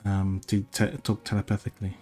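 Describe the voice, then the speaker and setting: A man's voice: lowish voice, completely flat delivery, a little fast, dark tone, faint music behind. A man playing a tabletop game, speaking hesitantly with many fillers and frequent giggles. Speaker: player. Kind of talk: casual tabletop play.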